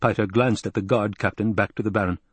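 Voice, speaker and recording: A man narrates an audiobook in a measured, steady way, with a husky tone. The sound is close and dry, with no room around it. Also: on the low side, no room sound. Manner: measured storytelling. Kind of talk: scripted narration.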